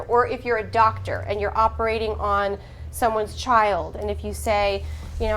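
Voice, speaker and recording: A woman's voice: fairly high pitch, steady tone, fairly quick, slight background noise. Articulate woman teaching a class.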